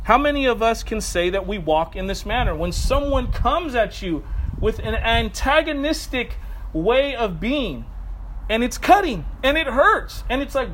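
High-voiced man preaching a casual sermon. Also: measured pace, a little hiss or hum, rough recording. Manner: conversational, animated, self-correcting asides. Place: outdoors.

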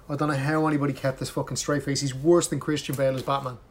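A man's voice: mid-range voice, little pitch movement, quick pace, slight background noise. A man in casual chat with a friend, ranting animatedly and swearing heavily.

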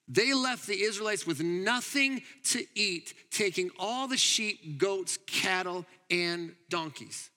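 A man preaching a sermon as pastor, animated and emphatic, often laughing. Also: high-pitched, slow pace, hardly any pauses, in a large hall.

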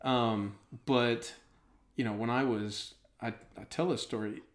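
A middle-aged man casually chatting, telling an animated anecdote and laughing through it. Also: medium pitch, a little slow. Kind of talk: casual storytelling chat.

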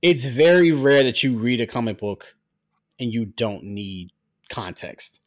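A man's voice: mid-range voice, lively intonation, unhurried. Argumentative man, guest comic writer. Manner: argumentative, restarts often, swears. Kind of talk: casual chat.

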